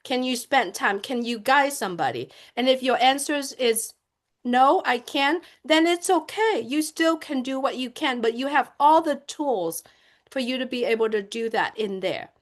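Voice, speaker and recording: A woman co-presenting casually to viewers, slow and emphatic, repeating key words and posing questions. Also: high-pitched, expressive. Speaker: community co-presenter.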